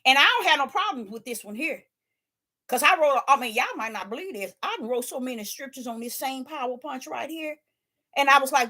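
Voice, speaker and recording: High, bright-voiced woman preaching. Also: expressive, brisk. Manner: emphatic, rhetorical, with folksy dialect; repeats phrases for emphasis. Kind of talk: informal preaching to camera.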